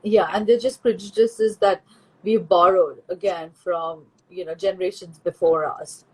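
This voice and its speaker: Woman host, husky voice, measured and chatty, many fillers. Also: fairly low pitch, steady tone, a little mellow, poor audio. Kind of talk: casual interview conversation.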